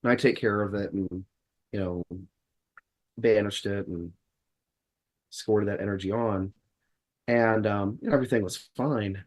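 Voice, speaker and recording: Speaking at a measured pace with long pauses, a fairly low-voiced man with fairly even intonation guests on a podcast. He tells a story wryly and ramblingly in casual conversation, restarting often and acting out quoted dialogue.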